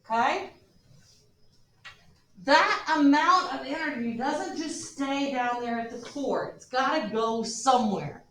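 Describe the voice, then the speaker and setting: A woman teacher lecturing her class, animated and joking with her students, recorded from a distance in a classroom. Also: a little high, a little hiss or hum. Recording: echoey classroom from far off.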